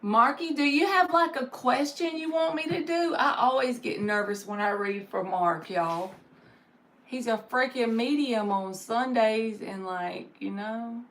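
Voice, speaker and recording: A woman's voice: a little high, a little slow, a little hiss or hum. Chatty woman giving tarot advice. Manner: chatty and encouraging, loose with fillers; gives spiritual advice. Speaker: tarot reader hosting a live stream. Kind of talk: casual live-stream chat.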